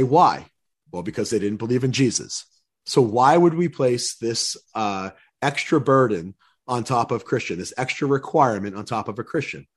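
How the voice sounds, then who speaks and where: This is an older man in casual interview chat, telling stories with earnest feeling. His voice sits at an ordinary middle pitch, and he often repeats a word as he starts a sentence. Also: breathy edge. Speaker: guest speaker.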